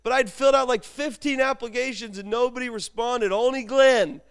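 A man with a high, smooth and clear voice preaches a sermon. He tells stories in an animated way, full of humor, and moves easily between teaching and personal anecdotes. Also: moderate pace. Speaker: pastor.

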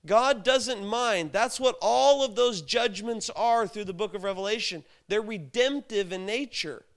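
A man's voice: high voice, measured pace. A man preaching a sermon, telling stories, acting out quoted voices and asking the listeners rhetorical questions.

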